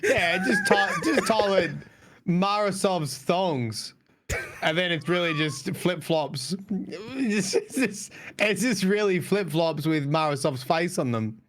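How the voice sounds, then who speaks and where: A man's voice: high-pitched, wildly swooping pitch, takes it slowly, a bit bright. A man with an Australian accent co-hosting a casual gaming podcast, joking crudely and swearing freely. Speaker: podcast co-host.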